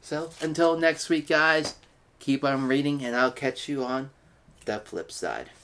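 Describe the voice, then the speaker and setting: A man's voice: mid-range voice, a little slow, fairly bright tone, slight background noise. A man in a middle-range voice hosts a weekly read-aloud of children's picture books. He reads steadily and turns upbeat and playful when he talks to his viewers. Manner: upbeat, playful sign-offs. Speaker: host reading books aloud. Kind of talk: children's picture book reading.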